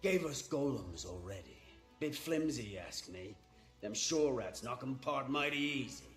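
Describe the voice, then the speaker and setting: A man voicing a rough-talking pirate boss, scoffing and hard-bargaining, his pitch swinging up and down. The game voice has an echoey ring to it. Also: lively intonation, unhurried, faint music behind, natural voice. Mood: gruff bargaining. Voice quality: rough, dialect-heavy. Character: gruff haggling male pirate boss.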